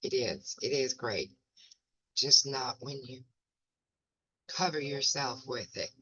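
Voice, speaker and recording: A woman's voice: rumbling low, slow, pushed and bright, breathy edge, no room sound. A folksy, self-mocking woman, chatting casually as the host of a home video, her eyes burning from pepper. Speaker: wellness ministry host. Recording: dull lo-fi dry sound.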